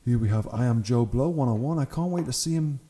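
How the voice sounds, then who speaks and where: Brisk and mellow, a young man with a mid-range voice hosts his channel, reacting to hobby photos with casual enthusiasm and plenty of laughter.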